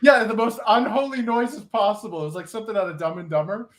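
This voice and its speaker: A man's voice: high voice, crowd noise. A man co-hosting a casual podcast chat, joking and laughing as he retells a story. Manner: joking, quick to laugh, tells anecdotes. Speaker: podcast co-host.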